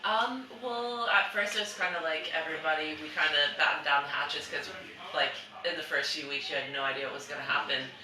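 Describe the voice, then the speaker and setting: A man from California with an American accent, chatting casually and haltingly at a tasting. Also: a little high. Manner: halting, laughs while talking. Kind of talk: casual chat. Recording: echoey room, distant mic, background noise.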